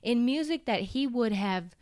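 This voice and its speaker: Woman telling a personal story, smooth clear voice, dry close sound, emotional and candid. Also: on the high side, animated, a little slow, a little mellow, dry recording. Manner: emotional, candid, swears, acts out quotes. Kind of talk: personal storytelling in casual conversation.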